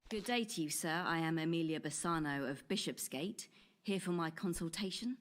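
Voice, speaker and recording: A woman's voice: sits low, normal speed, natural voice. An actress playing a proper, earnest young Elizabethan woman at a consultation, speaking in formal old-fashioned phrasing. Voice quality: formal archaic diction. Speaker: patient at a consultation.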